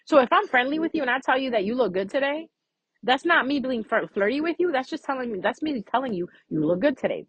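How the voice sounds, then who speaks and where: Frank, husky-voiced woman astrology vlogger. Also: sits high, fairly bright tone, no echo, poor audio. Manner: frank, profane, chatty. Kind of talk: casual spoken astrology reading.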